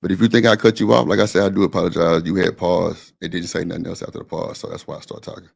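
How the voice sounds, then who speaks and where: A man's voice: low-pitched, level tone, fast, vocal fry, slightly rough. A man streaming live, talking bluntly and laid-back to his chat. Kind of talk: casual livestream chat.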